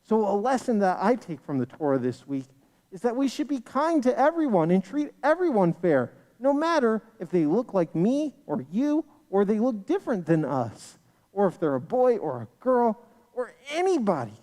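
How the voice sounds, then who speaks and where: An animated storyteller tells a children's tale in a sing-song way. The voice is mellow and swoops widely in pitch. It rings out with the long reverb of a large sanctuary. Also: normal speed. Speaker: storyteller at a congregation livestream. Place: synagogue sanctuary.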